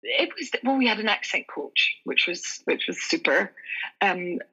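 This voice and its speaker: A Scottish actress with an Aberdeenshire accent, chatting as an interview guest with lots of fillers and restarts. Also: female voice, mid-range voice, animated, measured pace, sharp tone, husky, dull audio. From Scotland. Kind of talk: casual interview chat.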